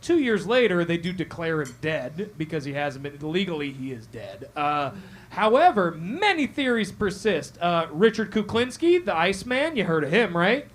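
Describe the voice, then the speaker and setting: A man hosting a comedic true-crime show before a live café crowd, loud and animated, swearing and asking "all right?" again and again. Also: high voice, normal speed. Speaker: host.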